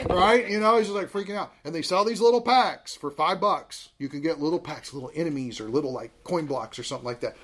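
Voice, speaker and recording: A man with a fairly high voice teaching a Bible class. He talks in a conversational, animated way, mixing scripture reading with everyday stories. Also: fairly quick.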